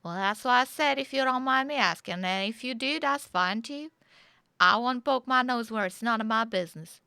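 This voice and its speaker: A woman's voice: fairly high pitch, lively intonation, moderate pace, creaky, pushed and bright, clear, resonant tone, no room sound, clean studio sound. A woman streamer playing a chirpy saloon server in a Western game role-play, talking with a folksy drawl.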